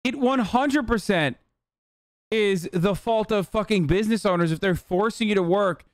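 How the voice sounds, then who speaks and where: A man's voice: sits high, moderate pace, dry recording, studio quality. A man in his thirties from the United States, commenting on a live stream and ranting at his chat in a profane, exasperated way. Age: 30s. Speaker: streamer reacting to a video.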